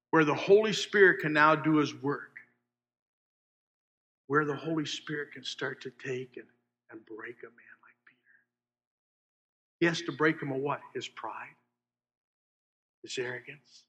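A man preaching a sermon, asking his listeners questions and swinging between loud emphasis and hushed asides. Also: mid-range voice. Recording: long hall reverb.

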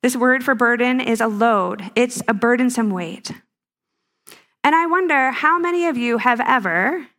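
Woman teaching a room of people, kinda high voice, chatty and playful, lots of questions to the crowd. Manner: warm, playful, full of rhetorical questions. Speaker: speaker at a ministry teaching. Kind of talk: conversational teaching talk.

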